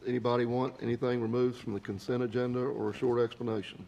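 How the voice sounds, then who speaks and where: A man's voice: medium pitch, little pitch movement, fast talker, creaky, dark tone, slight background noise. A man chairing a council meeting, formal and procedural as he calls motions and votes.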